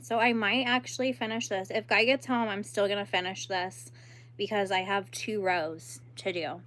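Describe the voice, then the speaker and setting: A woman's voice: mid-range voice, fairly even intonation, normal speed, fairly bright tone. A young woman hosting a crochet livestream, chatting casually and laughing while she answers viewers and works.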